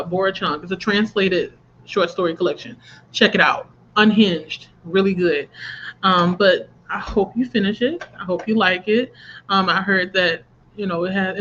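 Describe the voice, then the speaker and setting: A woman's voice: mid-range voice, a bit bright. A woman hosts a casual reading-sprint livestream, greeting viewers and reading their comments aloud with easy laughter. The sound is a little muffled, with a faint hiss underneath. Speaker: book channel host running a reading sprint livestream.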